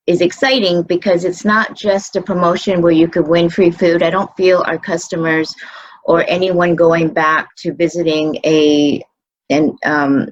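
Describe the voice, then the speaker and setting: A woman speaking as a food service manager in an interview, measured and thoughtful, with frequent fillers and restarts. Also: fairly low pitch, lo-fi sound. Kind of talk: video interview answers.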